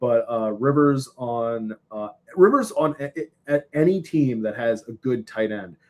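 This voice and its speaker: A man co-hosting a casual sports podcast, relaxed and quick to laugh. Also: medium pitch. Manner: laughs often, easygoing. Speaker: podcast co-host.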